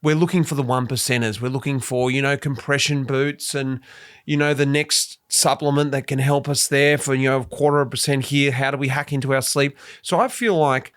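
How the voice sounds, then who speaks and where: A male podcast host in a casual interview, speaking at a middle pitch. He thinks aloud as he talks, building his questions slowly and peppering them with conversational fillers. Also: fairly even intonation, fairly bright tone, clean tone.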